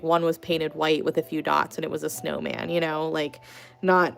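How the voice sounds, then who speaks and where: A young woman chats on a livestream in a rambling, easygoing way, leaning on filler words as she tells stories. Her voice sits a bit low and carries a gravelly, fried edge. Faint music plays behind her. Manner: rambling, chatty storytelling with many "like" fillers. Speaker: craft artist hosting a livestream. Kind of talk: casual livestream chat, reading comments.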